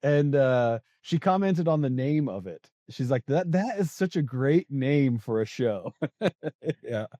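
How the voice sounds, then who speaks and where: A man's voice: mid-range voice, big pitch swings, unhurried, warm tone, no room sound, muffled recording. A man in his forties, a podcast guest, telling a story in a chatty way, laughing often and using lots of fillers. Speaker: podcast guest, sales coach. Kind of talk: casual storytelling conversation.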